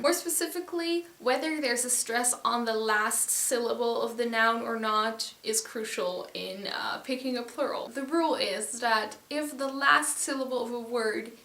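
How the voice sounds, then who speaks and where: A woman's voice: on the high side, bright, forceful tone. A woman whose first language is Dutch, giving a casual video lesson and explaining rules step by step. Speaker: language teacher. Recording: echoey room.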